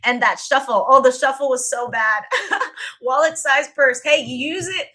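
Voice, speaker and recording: Bright, bubbly woman streamer. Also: high-pitched, normal speed. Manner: laughs often, swears, bubbly self-mocking. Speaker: live streamer. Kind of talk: casual live-stream chat.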